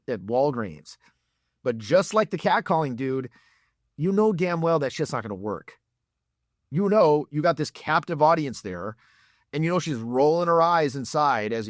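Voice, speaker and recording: A man's voice: a little high, no echo, clean studio sound. A man giving blunt, profane dating advice as a coach. He talks in a mocking way and acts out examples in put-on voices.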